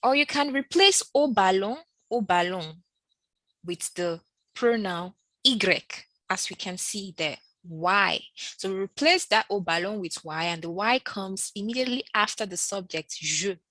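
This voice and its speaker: A French teacher with lively intonation and a slightly bright voice leads a slow language lesson, repeating every example phrase and rising high on sample questions. The audio is poor, though without echo.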